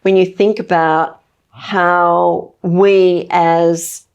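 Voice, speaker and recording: A woman hosting an interview, speaking in a measured way with frequent fillers. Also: lowish voice, level tone, darkish tone, clean tone, lo-fi sound. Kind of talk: conversational interview.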